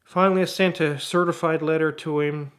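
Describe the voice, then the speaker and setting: A middle-aged man who runs a car repair shop, telling a story in an animated way and acting out both sides of the conversations. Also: fairly high pitch, brisk. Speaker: auto repair shop owner. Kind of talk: storytelling to camera.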